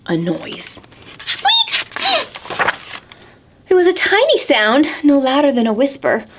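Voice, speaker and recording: A woman's voice: medium pitch, background noise. A young woman who is a children's librarian, reading a picture book aloud at a preschool storytime and asking the children encouraging questions.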